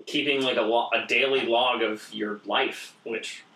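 A man chatting casually as a podcast co-host, playful and quick to act out quoted voices. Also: mid-range voice, steady tone, bright, forceful tone. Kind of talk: casual chat. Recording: roomy echo.

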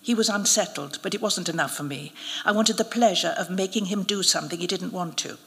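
A woman, an actress, reading a short story aloud at a live event in a measured, expressive way. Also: lowish voice, vocal fry. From United Kingdom. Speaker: narrator, actress. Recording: reverberant hall at a live event.

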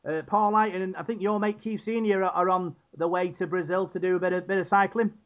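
A man's voice: high voice, fairly even intonation, quick pace. A man co-hosting a casual sports chat, talking hesitantly with tag questions. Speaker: podcast co-host. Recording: dull lo-fi sound.

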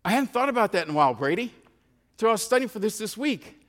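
A man's voice: high-pitched, very animated, fast talker, big-room sound. A man preaching a sermon as pastor, telling a story and stretching out key phrases for emphasis, often repeating himself. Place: church sanctuary.

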